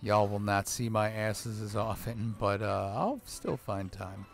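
A man's voice: on the low side, unhurried, gravelly, soft background music. A man who is a gaming dad, giving profane, grumbling let's play commentary on a video game. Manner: swears a lot, grumbles at the game. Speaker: gamer dad.

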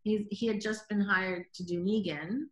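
Lively woman telling a story, bright voice. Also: mid-range voice, moderate pace, reverberant. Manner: animated, acts out quotes, says "like" often. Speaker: guest director. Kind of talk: casual storytelling.

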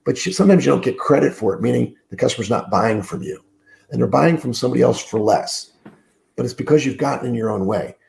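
A middle-aged man with a heavily gravelly, dark voice talks as a sales trainer on a podcast. He sounds groggy and under the weather, leaning hard on his points and repeating words, with plenty of fillers. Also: medium pitch. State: groggy, sick voice. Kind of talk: podcast interview, coaching talk. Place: room alone, remote call.

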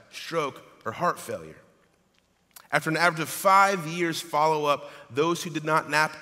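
A man preaching a sermon as pastor, reading scripture aloud in an animated way. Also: on the high side. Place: church sanctuary. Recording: long hall reverb.

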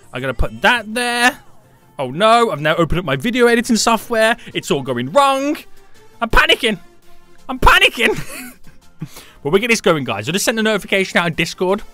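Hyped, lively young male game streamer. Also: a little high. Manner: hyped, jokey, animated, greets chat members. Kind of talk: live-stream chat.

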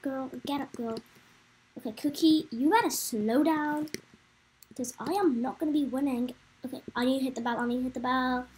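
A chatty young woman giving rambling, excitable commentary while she plays a game. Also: sits high, moderate pace, a little hiss or hum, rough recording. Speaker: gameplay commentator. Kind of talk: casual let's-play commentary.

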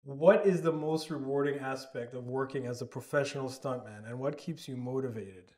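A man's voice: medium pitch, normal speed, darkish tone. Male interviewer in an echoey room. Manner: short plain questions. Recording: roomy echo.

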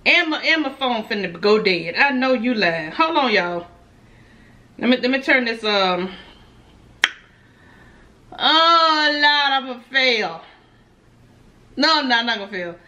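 A woman's voice: fairly high pitch, expressive, normal speed, bright, forceful tone. A woman food vlogger, chatting casually and nervously to her viewers, laughing often. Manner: nervous, giggly energy. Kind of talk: casual mukbang vlog.

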